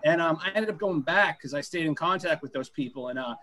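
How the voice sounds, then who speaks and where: High-pitched guy co-hosting, sarcastic, rambles and swears. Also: fast, pushed and bright. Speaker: podcast co-host. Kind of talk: casual storytelling.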